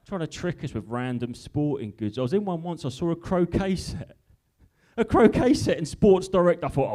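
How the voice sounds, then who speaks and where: A man's voice: fairly high pitch, expressive, warm tone. An English man from Norfolk doing a live stand-up comedy set in an industrial unit, chatty and teasing with the crowd. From Norfolk, England. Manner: chatty, teasing crowd work with quick asides.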